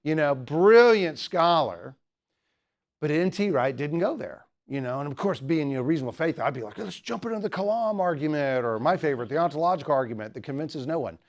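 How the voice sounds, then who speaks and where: A man's voice: a little high, animated, fairly quick. A man giving a humorous teaching talk at a student apologetics club, rambling with many jokes and asides.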